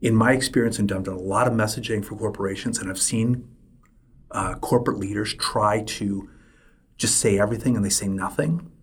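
A middle-aged man talks through a solo podcast episode in a low, slightly husky voice. He speaks emphatically and hammers his points home by repeating them. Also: steady tone, brisk. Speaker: podcast host.

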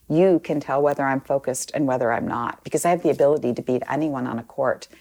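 Interview guest: woman with a deep, fry-tinged voice, relaxed and chatty, full of fillers. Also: a little fast, few pauses. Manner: chatty, many ums, quotes others in lively asides. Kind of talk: casual storytelling.

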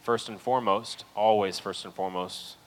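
A man's voice: on the low side, steady tone, moderate pace, low-quality recording. Impassioned man preaching a sermon. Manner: impassioned, rises to loud pleading peaks. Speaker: pastor. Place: church sanctuary.

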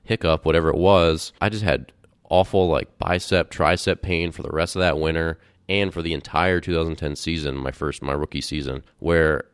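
A man's voice: rumbling low, fairly even intonation, normal speed, clean tone, dry recording, studio quality. A young man hosting a podcast, telling a candid, rambling story in a casual way with fillers and restarts. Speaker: podcast host.

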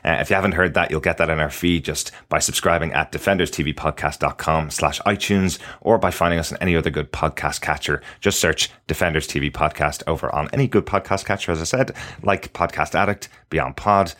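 Deep-voiced Irish man hosting a podcast. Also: brisk, few pauses. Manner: animated, laughs often, reads synopsis aloud. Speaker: podcast host. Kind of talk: casual podcast discussion.

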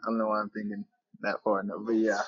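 A man from the Atlanta area who is a minor league pitcher, talking in a relaxed, hesitant way and often saying "like". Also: quick pace, breathy edge, dull audio. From Atlanta area, USA. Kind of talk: casual interview.

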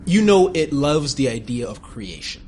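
A man's voice: medium pitch, very animated, moderate pace, a little mellow, a little hiss or hum. A man narrating as game master of a tabletop game, describing scenes with laughs and restarts.

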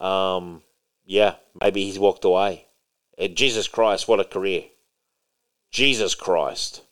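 A man's voice: low voice, steady tone, slow, fairly bright tone. A man co-hosting a casual podcast about comics and movies, rambling and emphatic, swearing now and then. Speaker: podcast co-host.

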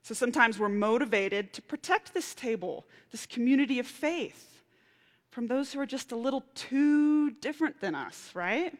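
A woman preaching a sermon, telling a personal story with lively, animated outbursts. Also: a little high, normal speed. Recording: reverberant hall.

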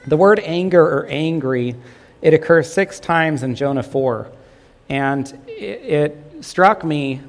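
A pastor preaching a sermon, asking his congregation questions and coaxing them to answer. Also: on the high side. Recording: long reverb of a hall.

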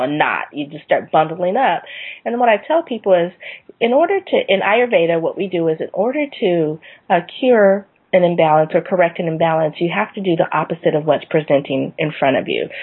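A woman hosting a wellness talk show, gently coaching listeners through a simple calming practice and speaking to them directly. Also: medium pitch, husky. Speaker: podcast host. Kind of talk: casual wellness chat. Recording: phone-like narrow sound.

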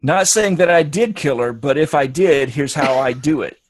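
Jokey man with a slightly high voice. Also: moderate pace, dry recording. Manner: rambling, jokey, restarts often. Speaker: podcast co-host. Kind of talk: casual chat.

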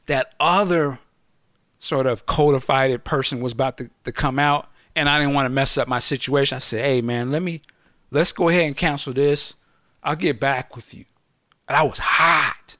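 A middle-aged man telling a story in casual podcast chat, slangy and swearing, acting out the quotes loudly. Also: medium pitch, fairly even intonation, normal speed, no echo, studio quality.

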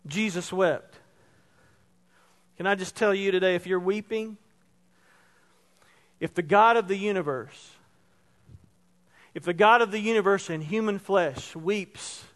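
A man pastor preaching a sermon, moving between soft, hushed passages and loud emphasis. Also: high voice, a little slow, pauses often. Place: church sanctuary. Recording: reverberant church hall.

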